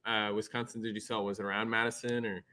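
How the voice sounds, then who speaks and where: A man's voice: fairly low pitch, little pitch movement, quick pace, sharp tone. A man from Nebraska hosting a podcast, chatting casually over a remote call in an upbeat, friendly way and asking chatty questions. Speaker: podcast host. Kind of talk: casual interview chat.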